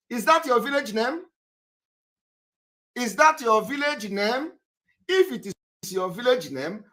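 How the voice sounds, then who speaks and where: A man's voice: sits high, a bit bright. A man from Nigeria hosting a live online broadcast, talking straight to viewers in an emphatic, scolding way and repeating his points.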